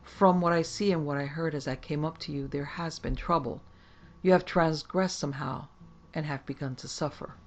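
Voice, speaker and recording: A woman voicing a gaunt, sinister gentleman sorcerer who speaks in a well-bred, superior way with a faint foreign accent. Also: sits low, fairly even intonation, normal speed. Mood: scornful.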